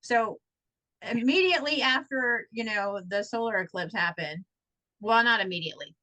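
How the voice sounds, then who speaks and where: Lively high-voiced woman telling stories. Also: normal speed, poor audio. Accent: Texan. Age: adult, married. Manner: animated, acts out quotes with big pitch jumps. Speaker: podcast co-host. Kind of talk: casual chat, animated storytelling.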